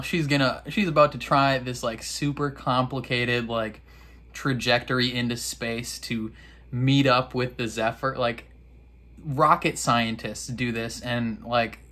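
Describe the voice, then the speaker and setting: A young man recapping a TV episode in a casual, excitable, slang-filled way, now and then mimicking characters. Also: medium pitch, unhurried. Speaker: reaction video host.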